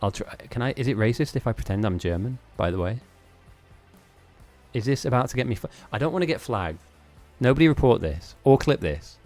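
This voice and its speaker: A man's voice: medium pitch, lively intonation, fairly quick, darkish tone, soft background music. A man hosting a live-streamed game tournament, chatting casually in a rambling, self-mocking way with frequent laughs.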